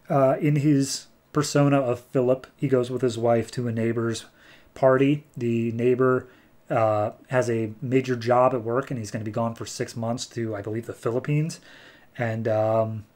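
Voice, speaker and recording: A man's voice: medium pitch, steady tone, moderate pace, a little mellow. A man hosting a comics podcast, giving a chatty, casual review and recapping plots. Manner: chatty, recaps plots and briefly acts out characters.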